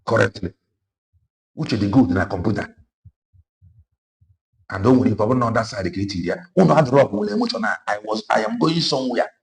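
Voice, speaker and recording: Man, Nigerian Igbo accent, gravelly voice, impassioned political commentary, repeats for emphasis. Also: lowish voice, expressive, fast, pauses often. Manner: switches between Igbo and English, emphatic and repetitive.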